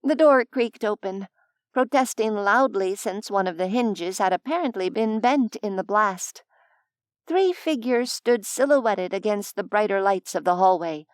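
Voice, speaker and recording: A woman narrating an audiobook in a measured, expressive storytelling voice, close to the mic. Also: mid-range voice, clean tone, no echo.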